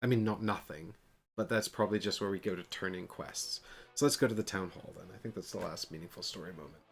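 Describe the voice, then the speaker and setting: A man with a fairly low voice chats through a board game on a live stream. He rambles and jokes at his own expense, and he reads the story text aloud. Faint music plays behind him. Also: quick pace, gravelly. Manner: chatty, self-deprecating, rambling.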